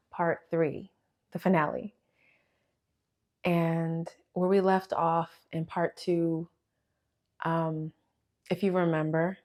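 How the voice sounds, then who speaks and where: Young woman vlogger, low voice, earnest emotional testimony, sighing, fighting tears. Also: a little mellow. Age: young adult. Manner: heartfelt, with sighs and pauses, holding back tears. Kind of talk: emotional personal testimony to camera.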